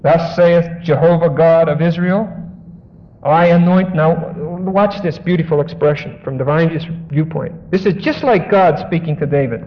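A man preaching, his voice fairly high for a man and rising hard on his emphatic points. He reads scripture and drops plain explanations between the verses. The recording is dull and lo-fi, with a long reverb trailing each phrase as in a big hall. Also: measured pace. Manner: emphatic, rises in pitch for stressed points, asides between scripture readings. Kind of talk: sermon, expository Bible teaching. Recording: dull lo-fi audio in a large echoing hall.

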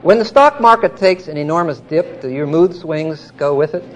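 A man's voice: a little high, expressive, moderate pace, lo-fi sound, slight background noise. A man teaching a Bible passage verse by verse, explaining it patiently, checking in with his listeners and stressing key words emphatically.

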